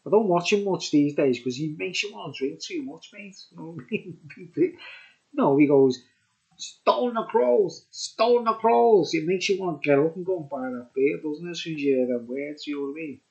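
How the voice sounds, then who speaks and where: A man's voice: on the high side, fairly quick, darkish tone, dull audio. Rambling man with a Birkenhead Scouse accent. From Birkenhead, England. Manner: rambling, repeats "you know what I mean". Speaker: beer review vlogger. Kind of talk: rambling casual vlog chat.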